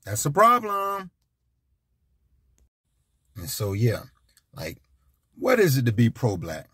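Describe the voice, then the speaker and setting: A man's voice: medium pitch, wildly swooping pitch, takes it slowly, sharp tone, breathy edge, no echo, clean studio sound. A man giving an emphatic, repetitive, preachy monologue as a vlogger. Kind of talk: casual ranting monologue.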